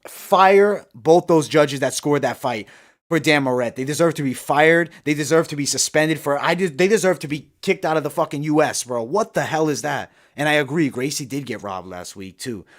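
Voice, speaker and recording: Talking fairly quickly with hardly any pauses, a man with a voice on the high side hosts live fight commentary. He reads and responds to viewer comments, cursing heavily and ranting hotly about the judges' calls.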